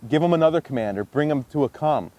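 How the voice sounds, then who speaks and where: A man teaching dog training, explaining casually and jumping into a high excited voice when he demonstrates praise. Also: quick pace. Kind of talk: instructional demonstration.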